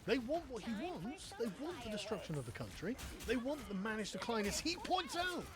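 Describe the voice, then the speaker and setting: English guy ranting live on stream, lots of swearing and sarcasm, high voice that jumps all over. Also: very animated, brisk. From England. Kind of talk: ranting political commentary.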